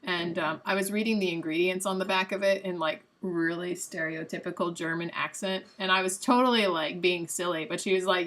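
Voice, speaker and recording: A young adult woman hosting a live stream, chatting casually and guessing out loud while she plays a quiz game, a little self-mocking. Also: lowish voice, steady tone, fairly quick, hardly any pauses.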